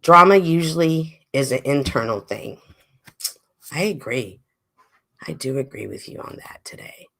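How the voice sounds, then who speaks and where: Chatty, animated woman livestream host. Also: a bass voice, unhurried, gravelly, long pauses. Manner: animated, chatty, swings from loud exclaims to murmurs. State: a little stuffy. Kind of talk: casual livestream chat, reading chat comments.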